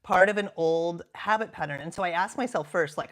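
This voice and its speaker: Earnest woman in her 50s, coach talking self-help, lowish voice, goes soft and whispery sometimes. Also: fairly quick. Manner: gentle, earnest, drops to soft half-whispers for emphasis. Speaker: coach and podcast host. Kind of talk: reflective self-help talk.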